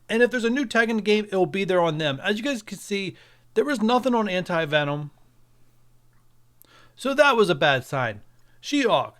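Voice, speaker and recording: A man talking casually to his viewers as a mobile game video creator, chatty and speculative, walking through game updates over screen capture. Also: high-pitched.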